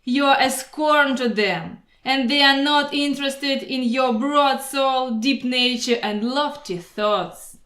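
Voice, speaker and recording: A woman voicing a boastful, proud male mosquito who pitches himself like a salesman, grandiose and persuasive. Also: takes it slowly, hardly any pauses, fairly bright tone. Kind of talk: storybook voice acting. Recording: roomy echo.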